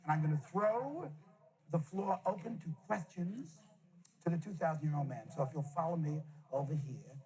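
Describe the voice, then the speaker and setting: Brash high-voiced comedian on stage. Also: male voice, animated, normal speed, darkish tone. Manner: brash, joking.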